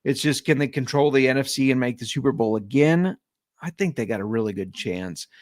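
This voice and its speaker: A man's voice: mid-range voice, darkish tone, no room sound, studio quality. A man co-hosting a casual football podcast, joking and teasing his co-host and reading sponsor ads. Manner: joking, teasing, quick reads. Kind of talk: casual sports chat with ad reads.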